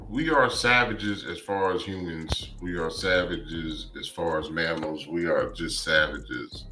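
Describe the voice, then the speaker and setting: A man with a very deep yet bright voice builds his point with repeated phrases. He sounds like he is in an echoey room, with faint music behind. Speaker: podcast co-host. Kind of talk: casual chat.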